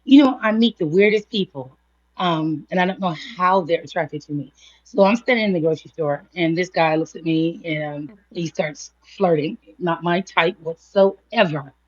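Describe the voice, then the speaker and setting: A woman's voice: on the low side, normal speed, highs cut off. A woman telling a long personal story in a casual chat, laughing often and acting out what others said. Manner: chatty, laughs often, quotes others in a livelier voice. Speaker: guest speaker. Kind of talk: casual storytelling on a live audio panel.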